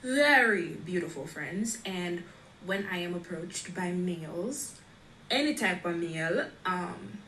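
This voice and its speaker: A woman with a low voice speaks to camera in a measured, emphatic way, stressing her words. Her voice sounds roomy with a faint hiss underneath. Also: animated, fairly bright tone. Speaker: makeup creator. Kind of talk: personal talk to camera.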